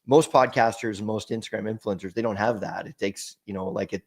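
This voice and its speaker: A man with a fairly low voice, speaking as a guest in an interview. He tells a heartfelt personal story in a halting way, often restarting and repeating words as he gathers his thoughts. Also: steady tone, a little mellow. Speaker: podcast guest.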